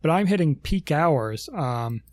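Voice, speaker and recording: A man's voice: on the high side, animated, measured pace, no room sound. A man co-hosting a casual podcast, rambling through long explanations with lots of ums and self-corrections. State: has the hiccups. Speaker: podcast co-host.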